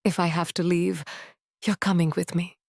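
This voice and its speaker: Woman narrator voicing a pleading young man in a storybook reading, low, dry sound. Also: little pitch movement, normal speed, creaky, no echo. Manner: soft, pleading.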